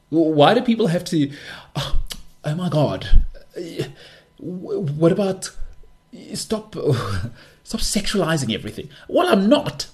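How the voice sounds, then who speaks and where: Guy doing his own podcast solo, chatty and ranty, lots of up and down in his voice, keeps tripping over words, bit sarcastic. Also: medium pitch. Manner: rambling and opinionated, with frequent stammered restarts; sarcastic, teasing. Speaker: podcast host. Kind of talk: casual solo podcast monologue.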